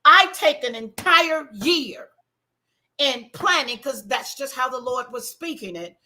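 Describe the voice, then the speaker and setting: Emphatic high bright-voiced woman. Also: expressive, a little slow. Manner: emphatic, acts out her own past words. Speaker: ministry conference host. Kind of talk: candid faith talk.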